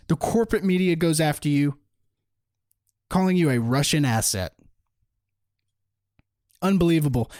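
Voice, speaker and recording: A man's voice: sits high, darkish tone, dry recording, clean studio sound. A man hosting a solo political podcast, talking in an indignant, mocking way and laughing at his own points. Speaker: podcast host.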